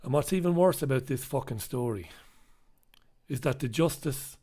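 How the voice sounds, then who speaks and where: This man's medium-pitched voice is expressive and dark-toned, moving at normal speed. Hosting a live news review alone before his audience, he speaks with passion and emphasis, repeats points for weight, is blunt, and swears now and then.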